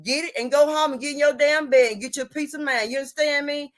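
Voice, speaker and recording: A woman's voice: high-pitched, fairly even intonation. Preachy, blunt woman lecturing her viewers. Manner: preachy, repeats "you hear me?" and "you see what I'm saying?"; blunt and salty, drawn-out emphasis. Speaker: vlogger giving relationship advice. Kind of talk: emphatic advice rant to viewers.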